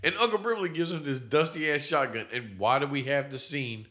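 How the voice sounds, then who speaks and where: A man's voice: a little high, normal speed, pushed and bright. A man in casual, profane chat, animatedly retelling a movie's plot with a co-host.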